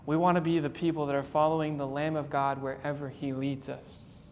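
A man with a slightly higher voice preaches a sermon with earnest, dramatic weight, drawing out his key words. A faint low rumble sits under the recording. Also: level tone, a little mellow, in a large hall. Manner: earnest, dramatic, slowing for emphasis. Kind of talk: sermon retelling a story.

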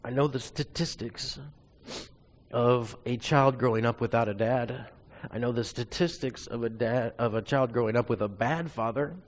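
A man's voice: medium pitch, moderate pace. A man preaching a sermon, telling a personal testimony in an earnest, confessional storytelling way.

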